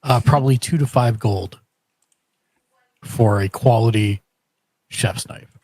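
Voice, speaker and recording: Husky-voiced player man. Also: medium pitch, takes it slowly, darkish tone, no room sound. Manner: chatty, laughs between remarks. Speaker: tabletop game player.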